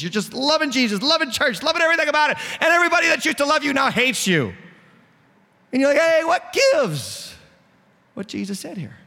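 A man's voice: high-pitched, a bit bright. A man pastor with a New England accent preaching a sermon, direct and joking with the congregation. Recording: echoey hall.

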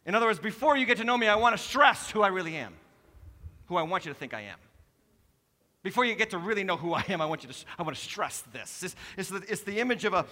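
Man, lead pastor, sermon, lively and playful delivery, bright tone, echoing hall. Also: high voice. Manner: animated, jokey preaching with sudden shouts and drops to soft tones. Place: church sanctuary. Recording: preached in a hall with long reverb.

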